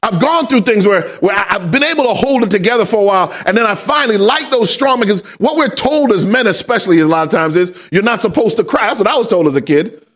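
A man pastor preaching a sermon, asking the congregation questions and building up to shouted emphasis. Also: high-pitched, animated, quick pace. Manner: call-and-response questions to the congregation.

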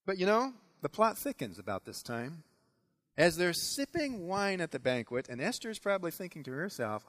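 A man preaching a sermon who retells a biblical story with dramatic flair. His pitch sits a touch high and swings widely, swelling loud on key moments and dropping low for emphasis. He addresses the congregation directly with questions. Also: very animated, normal speed. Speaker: pastor.

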